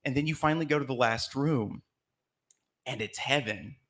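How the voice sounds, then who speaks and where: Bright, chatty male storyteller from Alabama. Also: medium pitch, moderate pace. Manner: chatty, laughing as he tells it. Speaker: host. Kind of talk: comedic live storytelling. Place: live theater stage.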